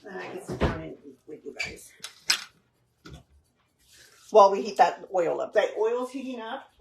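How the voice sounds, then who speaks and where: A woman's voice: medium pitch, animated, normal speed, creaky, noisy background. A woman hosting a casual live cooking stream from her home kitchen, chatting with viewers and dropping in Spanish words. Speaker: cooking livestream host.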